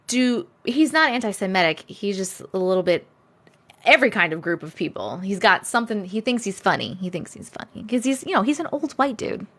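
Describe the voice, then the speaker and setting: A chatty woman hosts a casual live stream, greeting viewers by name and laughing often. Her fairly high voice swings widely in pitch as she reads out comments. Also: fairly bright tone.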